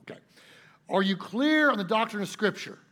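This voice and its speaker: A man's voice: high-pitched, lively intonation, moderate pace, sharp tone, voice pushed up, exaggerated voice. A man voicing an impatient supervisor angel who asks formal questions in a sermon story.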